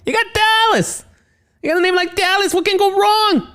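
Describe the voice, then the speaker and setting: A man voicing a fussy, evasive male science officer with a very high-pitched voice, brushing off every worry. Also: moderate pace, fairly bright tone. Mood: dismissive. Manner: shrill, breezy, brushing off worries.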